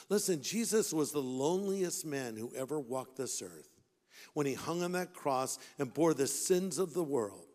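A man preaching a sermon, impassioned and fond of rhetorical questions, swinging between loud and hushed. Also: a little high, lively intonation, moderate pace. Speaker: pastor. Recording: long hall reverb.

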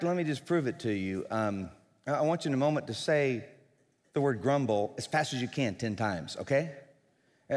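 Animated pastor preaching in a reverberant church. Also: male voice. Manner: animated, swings from low earnest to loud urging. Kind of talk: sermon. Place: church sanctuary. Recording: long hall reverb.

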